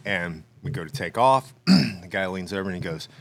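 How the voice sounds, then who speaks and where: Lowish guy telling a wild story on a podcast, does all the voices, laughs a lot. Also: normal speed, gravelly. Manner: animated storyteller, acts out dialogue, laughs often. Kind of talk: casual storytelling chat.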